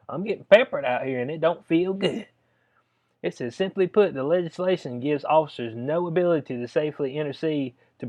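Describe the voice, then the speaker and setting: A man's voice: mid-range voice, a little mellow. Casual lo-fi commentary from a man. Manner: drawling, conversational, addresses listener as "bud". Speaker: video commentator. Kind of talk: casual commentary reading a letter aloud. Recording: dull lo-fi sound.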